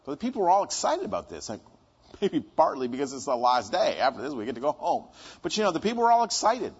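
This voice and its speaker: Male preacher, high husky voice, chatty sermon style, lo-fi recording. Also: sing-song, fast. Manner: conversational, asks and answers his own questions.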